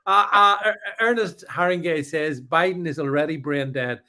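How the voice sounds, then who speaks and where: Halting man, fairly high voice. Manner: halting, many restarts, animated. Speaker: podcast co-host. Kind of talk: casual political chat reading live comments.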